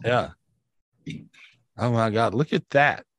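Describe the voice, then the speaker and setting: A man's voice: medium pitch, measured pace, dry recording. Here is an effusive man who keeps repeating himself, hosting a live healing session over a video call. His voice comes through dry and close, with no room around it. He sounds affectionate and eager. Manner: warm, effusive, repeats phrases. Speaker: spiritual healer and show host.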